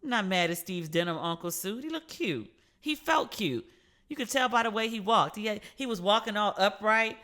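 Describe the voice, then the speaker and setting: A woman hosts her own podcast alone, chatting through stories with lively, teasing asides. Her voice is bright and forward, set at an ordinary middle pitch. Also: moderate pace. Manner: chatty, animated storytelling with playful asides. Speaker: podcast host. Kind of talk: casual solo podcast commentary.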